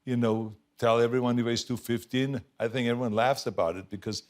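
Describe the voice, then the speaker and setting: Speaking fairly quickly in a mid-range voice, this Austrian-accented man in his seventies is a talk show guest telling stories before a studio audience. The chat is casual, and he animatedly acts out the quotes, laughing often.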